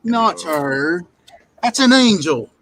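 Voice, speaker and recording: A man's voice: high-pitched, big pitch swings, takes it slowly, fairly bright tone, dry recording, poor audio. A man chatting in an easygoing, talkative way during a live stream. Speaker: stream participant. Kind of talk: casual chat on a live stream. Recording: background noise.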